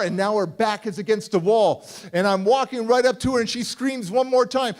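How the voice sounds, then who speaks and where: A motivational speaker telling a personal story at a conference, acting out the people in it and swinging between hushed and loud. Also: male voice, sits high, fairly quick. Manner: acts out voices of people in his story, swings from hushed to shouting. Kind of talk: dramatic storytelling keynote. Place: large conference hall.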